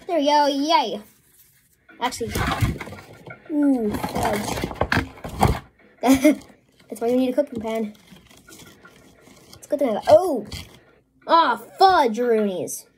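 A woman's voice: high-pitched, slow pace, pauses often, dark tone, slight background noise. A woman chatting casually through a messy home crafting vlog, flustered and apologetic as things go wrong. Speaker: vlogger. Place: home, indoors at a work table.

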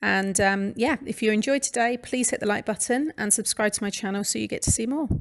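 A woman's voice: medium pitch, fairly quick. A British woman hosting a craft channel, chatting casually through a scrapbooking voice-over with fillers and restarts. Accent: British English. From United Kingdom. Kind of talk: casual voice-over narration of a scrapbooking process video.

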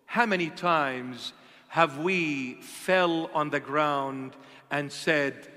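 A high-pitched man preaches slowly in a bright, sharp voice, pressing his listeners with rhetorical questions. His delivery swings between fiery and hushed, and a long church reverb trails behind every phrase. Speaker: bishop preaching. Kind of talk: sermon.

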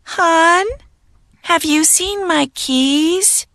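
An actress playing a mother looking for her things in a textbook listening dialogue, speaking clearly and sounding puzzled. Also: very high voice, very slow, fairly bright tone, no room sound, studio quality, full character voice.

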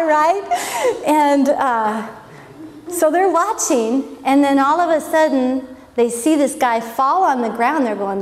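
A woman's voice: high-pitched, lively intonation, measured pace, a little hiss or hum. A woman giving an informal Bible lesson, chatty and wondering aloud. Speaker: Bible teacher. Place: church hall. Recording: echoey hall with long reverb.

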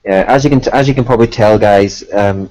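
A man's voice: on the low side, fast talker, mellow, poor audio. A man co-hosting a casual live-streamed chat show, joking and teasing his guests. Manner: teasing, jokey banter. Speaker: co-host.

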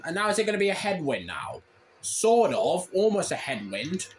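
A man commenting live on his own gameplay, irritable and grumbling, with sudden shouted complaints. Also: high-pitched, wildly swooping pitch, moderate pace, over music. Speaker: gaming channel host.

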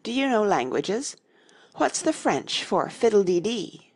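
A woman's voice: mid-range voice, sing-song, measured pace, darkish tone, slightly rough, pitched above the performer's own voice, exaggerated voice. A woman reading the part of a stern, bossy elderly queen who lectures emphatically in a fairy-tale audiobook. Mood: haughty.

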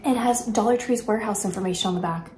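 A chatty woman talks through her shopping finds in a relaxed, enthusiastic way, often pausing on "like" and "um". Her voice sits at an ordinary middle pitch. The room around her is echoey, with a faint hiss of noise underneath. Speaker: haul vlogger. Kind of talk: casual product haul chat.

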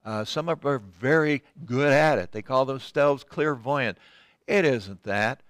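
A man's voice: mid-range voice, takes it slowly, dry recording, studio quality. An older man teaching a Bible study, reading scripture aloud and commenting in a conversational way, with frequent ums and restarts.

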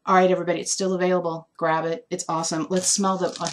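A woman with a slightly low voice talks through an intuitive essential oil reading live. She muses aloud, trails off and restarts as she hunts for the right words. At times she sounds moved, close to tears. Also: flat delivery, rapid-fire, slight background noise. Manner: musing, searching for words with many fillers.

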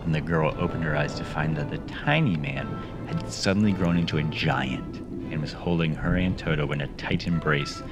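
A man reading a children's story aloud and breaking in with sarcastic, deadpan asides. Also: very deep voice, moderate pace, over music. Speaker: reader and host. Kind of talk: audiobook reading with sarcastic commentary.

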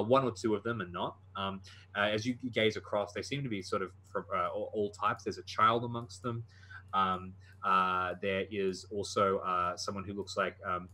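A man's voice: deep voice, fairly even intonation, moderate pace, bright, forceful tone. A man narrating a tabletop horror game as game master, often hesitant and full of fillers.

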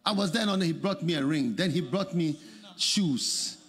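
A man preaching a sermon as pastor, swinging between shouted, sung phrases and quiet storytelling. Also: on the high side, moderate pace, big-room sound. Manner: animated preaching, shouting and laughing.

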